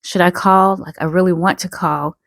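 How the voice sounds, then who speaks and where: A woman's voice: on the low side, fairly even intonation, normal speed, no echo, natural voice. A woman voicing a selfish, famous male singer who talks in a casual, doubtful drawl. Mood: scoffing.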